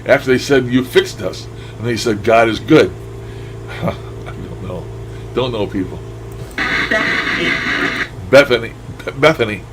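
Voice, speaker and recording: A man's voice: mid-range voice, slow, pauses often, background noise. An older man talking casually over recordings he plays back, musing aloud and chuckling as he trails off. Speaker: paranormal radio session host. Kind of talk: casual commentary over playback.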